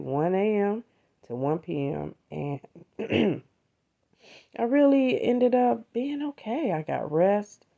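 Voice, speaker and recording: A woman's voice: low voice, gravelly, dark tone, dull audio. A middle-aged woman hosting a podcast, talking heartfelt and conversationally about faith and gratitude. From United States. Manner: heartfelt, conversational, addresses listeners as "you all". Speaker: podcast host. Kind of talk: personal faith talk.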